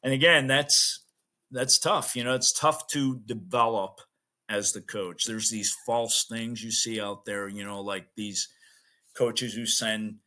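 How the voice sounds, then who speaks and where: A man who coaches weightlifting, telling animated stories in a casual interview and laughing often between emphatic asides. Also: lowish voice, slow pace. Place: Chicago, USA.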